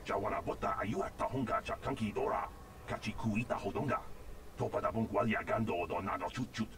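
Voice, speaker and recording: An actor voicing an alien creature that chatters in a made-up alien language, in a rhythmic, burbling babble. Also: male voice, lowish voice, a little fast, background noise, close to an everyday voice. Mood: chattering. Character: alien creature speaking an alien tongue. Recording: distant voice under loud game music.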